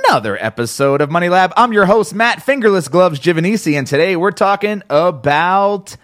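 A man's voice: high voice, animated, fairly quick, a bit bright, no echo, clean studio sound. A man hosting a podcast in a joking, profane, rambling way. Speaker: podcast host. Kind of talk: casual podcast chat.

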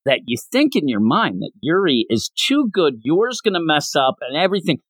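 A man hosting a casual manga discussion podcast, retelling each scene with a lot of energy. His voice sits a bit high and leaps around constantly as he pops into little character voices. The sound is close and dry, with no room around it. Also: very animated, a little fast, no echo. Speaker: podcast host.

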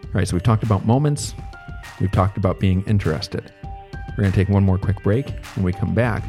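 A man giving a relaxed, conversational recorded lecture as a therapy instructor, thinking aloud as he explains. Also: low voice, a little fast, soft background music.

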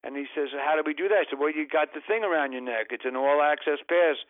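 A man's voice: on the high side, quick pace, no room sound, phone-quality sound. A man telling long comic anecdotes as a podcast guest, rambling and interrupting himself. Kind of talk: casual storytelling.

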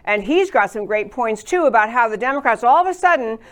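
A woman's voice: on the high side, animated, fairly quick. Emphatic woman political talk host. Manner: indignant, emphatic, lists grievances. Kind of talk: opinionated political commentary.

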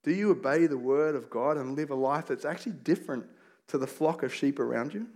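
Conversational pastor preaching, fairly high-voiced man. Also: fairly quick, a little mellow. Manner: conversational, storytelling with folksy asides and rhetorical questions. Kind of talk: sermon.

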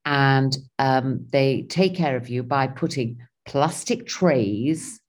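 A woman's voice: a bass voice, takes it slowly. A woman, animatedly telling a personal travel story in casual conversation. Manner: animated, acts out her own and others' lines.

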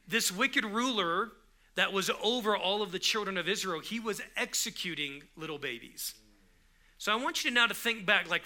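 Preaching in a conversational style, this pastor often starts his sentences over and climbs into emphatic bursts. His voice sits high and sounds pushed and bright.

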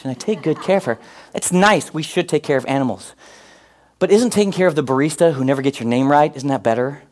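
High-voiced, animated male preacher. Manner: animated, comic asides, rising to near-shouts. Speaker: pastor. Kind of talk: sermon.

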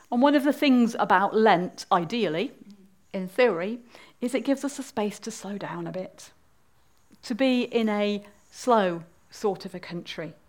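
A woman speaking at a church service, telling a story in a friendly way and inviting the audience to join in. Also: medium pitch.

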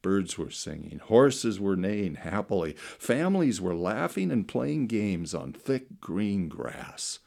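A middle-aged man preaching a sermon through slow, dramatic storytelling that swings between loud and soft. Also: fairly low pitch, big pitch swings, vocal fry. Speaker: pastor.

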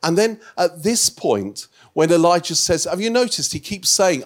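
A man delivers a sermon in a voice that sits a little high for a man. He tells the story with energy, acting out the speakers in it. He often restarts and repeats his words mid-phrase. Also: moderate pace, few pauses. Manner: animated storytelling preacher, acts out Bible dialogue with rising pitch; frequent restarts and stammered repeats. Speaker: preacher.

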